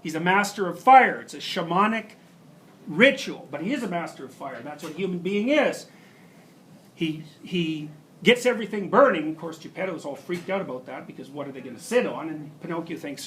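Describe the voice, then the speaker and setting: A man lecturing at a university tells a story emphatically and animatedly, often restarting his sentences. His pitch is fairly high and he speaks a little fast.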